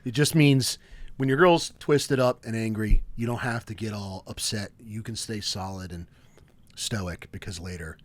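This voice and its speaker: A man in his thirties with a lowish voice speaks at normal speed while co-hosting a relaxed podcast. He tells stories with animation and laughs often as he talks, sometimes mid-sentence.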